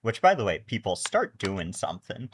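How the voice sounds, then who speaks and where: Joking agreeable man with a lively voice. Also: fairly low pitch, normal speed, a little hiss or hum. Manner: agreeable, joking, laughs often. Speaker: podcast co-host. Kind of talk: casual review chat.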